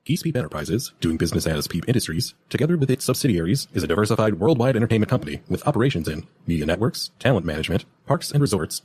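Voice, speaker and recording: Man doing a deep corporate announcer, a mock ad read of legal boilerplate, racing through it in one breath. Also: sing-song, racing, hardly any pauses, background noise. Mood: formal, rapid. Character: deep-voiced male corporate disclaimer announcer.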